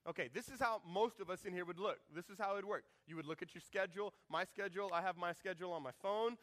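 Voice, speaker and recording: A man in his thirties preaching a sermon as pastor, animated and joking, acting out quoted lines in shifting voices. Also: high voice, quick pace, hardly any pauses.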